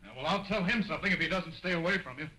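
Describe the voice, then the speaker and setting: An actor playing a jealous young stage performer who confronts and questions suspiciously, in 1920s early talkie acting. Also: male voice, high voice, racing, sharp tone, slightly rough, full character voice, poor audio.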